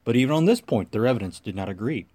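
A man reads scripture aloud in the measured, solemn manner of a church service. His voice sits at an ordinary middle pitch, and he carries the reading into recited prayers at the same steady, devout pace. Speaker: scripture reader.

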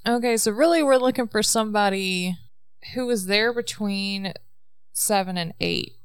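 Woman, smooth slightly low voice, dry sound, methodical reasoning. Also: normal speed, dry recording. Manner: methodical, lays out theories step by step. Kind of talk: casual group chat.

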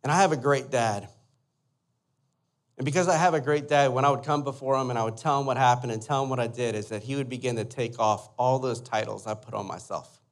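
A young adult man, a pastor, telling a lively personal story in a sermon and asking the listeners to imagine along with him. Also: medium pitch, a little fast. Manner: animated storyteller, asks the audience to imagine.

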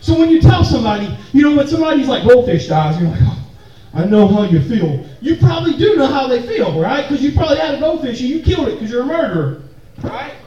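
A man's voice: very high-pitched, expressive, fast talker, mellow, lo-fi sound. A man preaching a sermon to a room full of people, casual and joking, with call-and-response to the crowd. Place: church hall or meeting room with an audience. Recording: very echoey room, mic far off.

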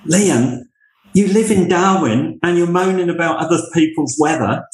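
A man from the United Kingdom, a university leader, telling lively anecdotes in conversation. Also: a little high, normal speed, reverberant, rough recording. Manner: animated anecdotes, acts out quoted voices. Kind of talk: storytelling in conversation.

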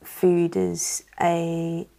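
Woman, church testimony guest, hesitant and filler-heavy, low gravelly tone. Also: monotone, drawn-out words. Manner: hesitant, soft-spoken, many fillers. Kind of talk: personal testimony interview.

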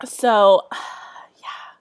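A woman's voice: very slow, no echo, in a whisper. A young woman with a Southern California accent, hosting a casual solo podcast, rambling and chatty with lots of fillers while getting over a cold. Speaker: podcast host.

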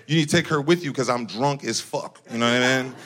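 This Northern Californian man does animated stand-up packed with profanity, talking at a quick pace in a medium-pitched voice and cracking himself up along the way.

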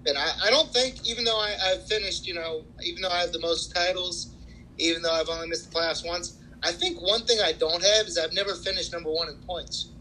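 A man talks shop about his fantasy league, stumbling over restarts while bragging about his record. His tone is very bright and forward, pitched a little high. Faint ambience sits behind him. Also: steady tone, slight background noise, poor audio. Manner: halting, many restarts, boastful. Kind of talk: casual banter about fantasy sports.

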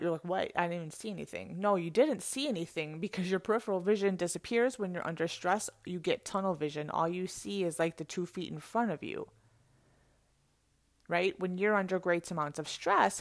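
A middle-aged woman coach giving a lively, conversational motivational talk and laughing often. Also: fairly low pitch, normal speed, dry recording, clean studio sound.

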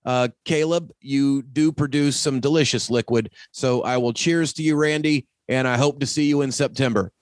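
A man's voice: medium pitch, steady tone, normal speed, hardly any pauses, dry recording. A man hosting a casual interview podcast, folksy and enthusiastic, joking as he wraps up the show. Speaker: podcast host.

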